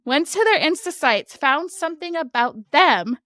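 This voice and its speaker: High, bright-voiced woman podcaster, upbeat. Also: animated, moderate pace, dry recording, studio quality. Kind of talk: casual podcast chat.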